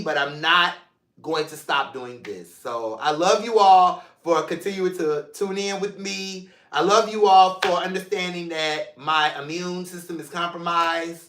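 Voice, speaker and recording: A man hosts his own vlog in a loose, playful, affectionate way, speaking straight to his viewers. His voice sits a bit high and sounds vivid and bright. The room around him is noticeably echoey. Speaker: mental health show host. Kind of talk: casual solo vlog talk. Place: seated in a room at home.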